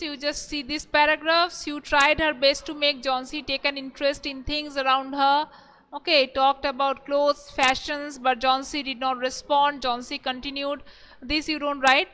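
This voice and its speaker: Indian english teacher lady, bright high voice, slow and repeats everything, echoey hall sound. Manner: slow, repeats each question several times. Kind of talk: online class lesson.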